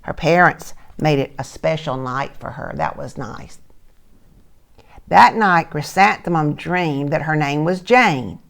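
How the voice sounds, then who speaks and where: An older woman, a retired teacher, reading a picture book aloud to children and asking them gentle questions. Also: low voice, takes it slowly, vocal fry. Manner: gentle, asks listeners soft questions.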